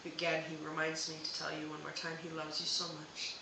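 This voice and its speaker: A woman's voice: low-pitched, completely flat delivery, brisk, gravelly, heavy reverb, noisy background. A woman hosting a live psychic reading, talking hesitantly with many fillers and restarts. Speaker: psychic medium host.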